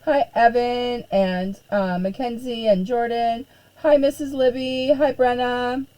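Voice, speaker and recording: Hoarse, chatty woman with a low-key tone. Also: steady tone, takes it slowly, dark tone, rough recording. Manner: chatty, frequent throat clearing and fillers. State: losing her voice, hoarse. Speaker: art teacher hosting a live stream. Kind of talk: casual live-stream chat.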